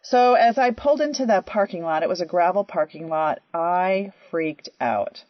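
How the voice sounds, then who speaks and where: A woman's voice: medium pitch, fairly quick, no room sound. Chatty woman telling a story, lo-fi. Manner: chatty, animated, frequent "you know" and "um". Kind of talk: casual personal storytelling. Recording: dry, dull lo-fi audio.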